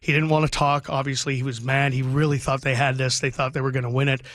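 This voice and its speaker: A man's voice: medium pitch, flat delivery, fast talker, fairly bright tone, no echo. A middle-aged man, a radio sports broadcaster, talking heartfelt and rambling about his son in a radio interview, choking up at times.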